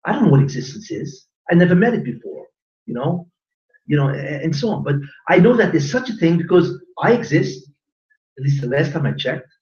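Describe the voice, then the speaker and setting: A man teaching a class as a rabbi, animated and joking, quizzing his audience with questions. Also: a little high, a little fast. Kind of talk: lively Torah class lecture. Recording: roomy lo-fi recording from a distance.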